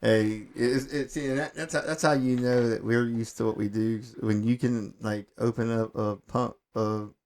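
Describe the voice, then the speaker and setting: A man's voice: mid-range voice, moderate pace, few pauses. A man co-hosting a casual podcast, telling stories with energy and often repeating words as he goes. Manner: animated storyteller, stumbles and repeats words. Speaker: podcast co-host. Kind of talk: casual storytelling chat.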